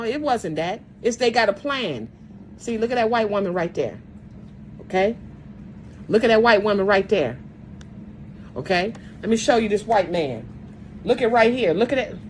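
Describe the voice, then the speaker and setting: A woman talks straight to her viewers in an emphatic, lecturing monologue. She repeats her points and opens phrase after phrase with "see" or "look." Her voice sits at an ordinary middle pitch for a woman. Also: slight background noise, poor audio.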